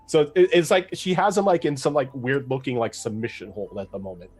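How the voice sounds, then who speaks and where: A man's voice: mid-range voice, big pitch swings, fairly quick, breathy edge, faint music behind. A man narrating a tabletop game as game master, casual and full of fillers. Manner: casual, with many fillers and laughs.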